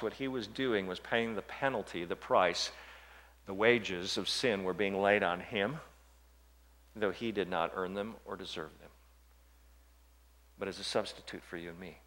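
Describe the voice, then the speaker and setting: Preaching man in a reverberant hall. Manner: swings from hushed, low passages to loud, raised scripture reading. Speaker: pastor. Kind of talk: sermon.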